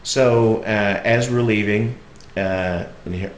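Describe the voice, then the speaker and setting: A man with a Southern US accent telling a personal road story in a relaxed, reflective way with frequent fillers. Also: fairly low pitch, slow, slight background noise. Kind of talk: casual storytelling monologue. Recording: echoey room.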